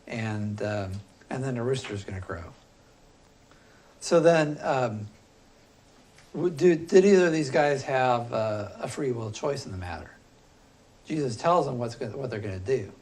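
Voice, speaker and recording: A man teaching a philosophy class, talking loosely and thinking aloud with frequent pauses and fillers. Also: medium pitch, expressive, a little mellow. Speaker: philosophy instructor. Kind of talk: classroom lecture.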